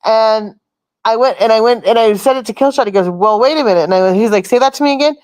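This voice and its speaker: A woman's voice: on the high side, brisk, a little mellow, no room sound. A woman hosting a casual chat, telling a long rambling story and swearing freely. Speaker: host.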